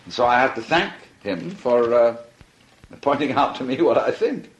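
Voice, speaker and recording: Lively, amused older man lecturing. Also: mid-range voice, moderate pace, muffled recording. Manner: conversational and amused, with frequent laughter. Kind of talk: philosophical lecture.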